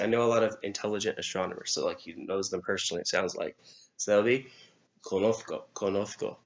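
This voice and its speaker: A man's voice: on the low side, a bit bright, highs cut off. A male Spanish teacher reviewing grammar, asking and answering his own questions step by step. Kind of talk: recorded exam review lesson.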